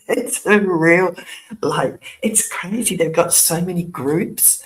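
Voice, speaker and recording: Slow-talking older woman vlogging. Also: fairly low pitch. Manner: chatty, laughs often, sarcastic asides. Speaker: YouTube channel host. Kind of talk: casual rambling vlog chat.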